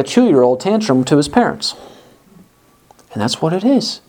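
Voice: mid-range voice, very animated, measured pace, darkish tone. A pastor preaching a sermon in an earnest, emphatic way, often repeating words to stress a point.

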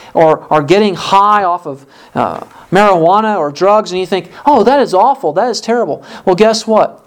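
Earnest preacher firing off rhetorical questions. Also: medium pitch. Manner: acts out complaining voices in quotes. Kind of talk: sermon.

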